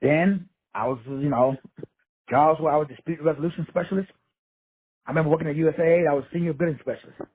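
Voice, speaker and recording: A man's voice: fairly high pitch, steady tone, fast talker, husky. A middle-aged man giving a blunt, profane, streetwise motivational talk over a call. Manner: profane, brash, streetwise preaching. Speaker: motivational teacher. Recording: phone-line call audio.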